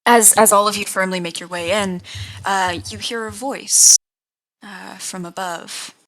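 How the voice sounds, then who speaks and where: A woman's voice: mid-range voice, fairly even intonation, measured pace, a bit bright, rough recording. Hesitant woman game master. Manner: hesitant, filler-heavy narration. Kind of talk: narrating a tabletop game.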